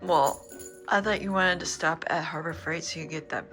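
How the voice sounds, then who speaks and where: A woman's voice: deep voice, fairly even intonation, normal speed, a bit bright, faint music behind. A middle-aged woman from the Midwest chatting casually and rambling easily as she vlogs her day at home. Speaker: travel vlogger. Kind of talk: casual vlog chat.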